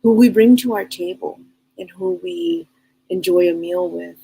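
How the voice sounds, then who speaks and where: A woman talks casually and earnestly about spiritual matters on a live stream, wandering through her thoughts and often repeating or restarting her words. Her voice is low and mellow, with a gravelly edge and a husky, breathy texture. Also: a little slow, low-quality recording. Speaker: psychic medium hosting a live stream.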